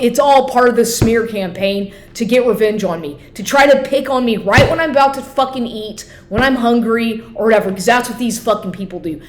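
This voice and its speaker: A woman's voice: fairly high pitch, roomy sound. A woman ranting to camera in a heated, repetitive way, swearing constantly as she vents about her day. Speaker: vlogger. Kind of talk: angry personal rant.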